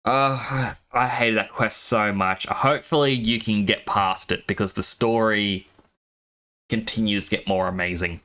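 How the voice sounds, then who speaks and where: A man's voice: fairly low pitch, a little slow, pauses often. A young Australian man, a VTuber streamer, chatting casually and telling rambling stories while he plays a game. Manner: animated rambling storytelling with laughs.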